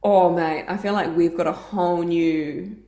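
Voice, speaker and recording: A woman co-hosting a fan podcast, chatting casually and gushing with excited little noises. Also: fairly low pitch, unhurried, reverberant. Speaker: podcast co-host.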